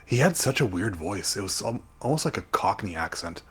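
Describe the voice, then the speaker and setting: A man with a low voice co-hosts a podcast in relaxed, easygoing chat. He hesitates often and is quick to poke fun at himself. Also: husky. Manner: easygoing, hesitant, self-deprecating. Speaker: podcast co-host. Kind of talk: casual chat.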